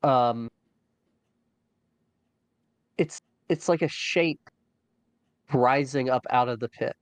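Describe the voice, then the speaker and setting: Slow, halting man narrating a dungeon crawl. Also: medium pitch, no room sound. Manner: halting, many fillers and restarts. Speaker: dungeon master. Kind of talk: narrating a tabletop game.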